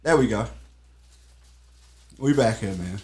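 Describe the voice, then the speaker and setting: A man's voice: on the low side, lively intonation, slow pace, a little mellow. A man hosting a casual live talk show, talking in a laid-back way and speaking straight to his audience. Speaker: host. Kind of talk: casual chat.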